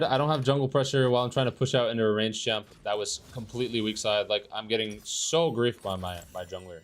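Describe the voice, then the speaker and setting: A man's voice: fairly low pitch, fast, hardly any pauses. A young man streaming a competitive game and commenting live, frustrated, swearing and ranting about his teammates.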